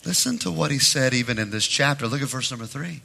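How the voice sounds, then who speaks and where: A man preaching a sermon as pastor in a church, with a rhythmic, repetitive cadence that swings between loud emphatic peaks and low near-whispers. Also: expressive, fast talker, creaky, breathy edge. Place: church sanctuary.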